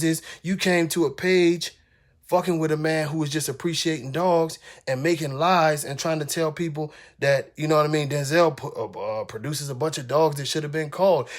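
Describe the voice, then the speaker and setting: Man ranting live on stream, high-pitched, blunt, profane, repeats himself. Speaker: dog breeder ranting on a livestream. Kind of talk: heated livestream rant.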